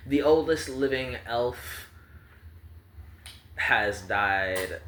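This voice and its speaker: A man's voice: medium pitch, animated, extremely slow, bright, forceful tone, a little hiss or hum. A man telling a fantasy story casually, rambling and joking with chatty asides. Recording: roomy echo with faint ambience.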